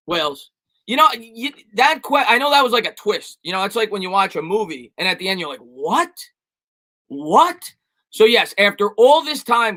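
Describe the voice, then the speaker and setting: A man's voice: high voice, sharp tone. A man answering viewers' chat questions on a casual live stream, rambling and repeating himself as he gives emphatic opinions.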